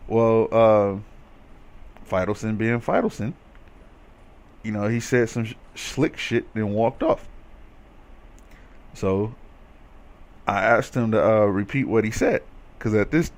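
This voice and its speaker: A man's voice: mid-range voice, vocal fry. Profane man ranting over gameplay. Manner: profane, rambling, gets heated while ranting. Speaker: gaming commentator. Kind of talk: casual storytelling over gameplay.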